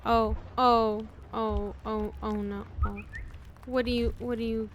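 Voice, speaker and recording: A woman's voice: fairly high pitch, level tone, slow, a little hiss or hum. Exclamatory woman streaming a game. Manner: exclamatory, groans and swears at puzzles. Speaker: streamer playing a puzzle game. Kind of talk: casual gaming chat.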